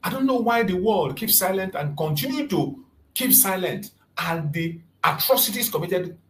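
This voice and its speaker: A man's voice: sits high, expressive, moderate pace, slight background noise, low-quality recording. A man from southeastern Nigeria, hosting an impassioned political commentary and hammering his points home with repetition. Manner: fervent, repetitive, emphatic. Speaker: channel host.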